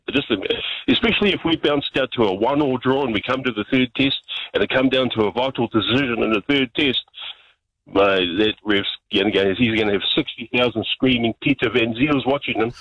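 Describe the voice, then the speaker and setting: A man's voice: medium pitch, fairly bright tone, no echo. A man with a New Zealand accent phoning into a talkback radio show, talking casually and emphatically, often calling the host mate. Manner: emphatic, keeps saying mate. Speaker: caller. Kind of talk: casual phone-in chat. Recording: dull, dry phone-in line.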